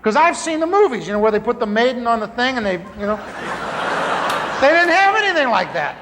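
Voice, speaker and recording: A man telling a comic story from the pulpit, acting out the dialogue in a lively way. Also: very high voice, moderate pace, noisy background. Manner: animated, comic, acts out dialogue. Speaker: preacher telling his conversion story. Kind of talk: storytelling sermon. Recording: large hall reverb, faint ambience.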